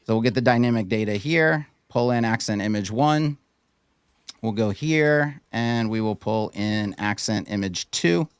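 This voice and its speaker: Man, web builder, fast confident walkthrough; crisp tone, dry close sound. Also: fairly low pitch, no echo. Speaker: guest web designer. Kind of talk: live screen-share tutorial.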